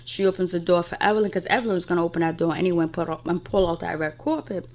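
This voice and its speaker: A woman's voice: fairly low pitch, steady tone, fast, few pauses, darkish tone. A woman in a casual spoken recap, chatty and opinionated, filling gaps with stock phrases as she goes. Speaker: reality TV recap host.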